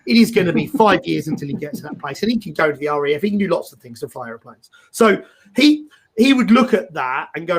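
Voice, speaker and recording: A middle-aged man hosting a casual career advice chat over a video call, animated and rambling, often repeating his words. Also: fairly high pitch, fast, husky. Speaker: host.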